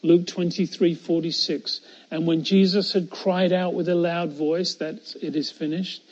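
Male preacher, high pitch, earnest sermon delivery with hushed emphasis, muffled recording. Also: flat delivery, unhurried. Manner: earnest, builds to emphatic repetition; drops to a hushed voice on key phrases.

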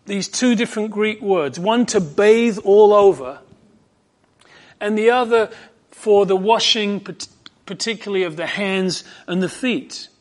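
A man preaching an expository sermon, fervent and emphatic, dropping to hushed tones and rising to ringing emphasis. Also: sits high, a little slow.

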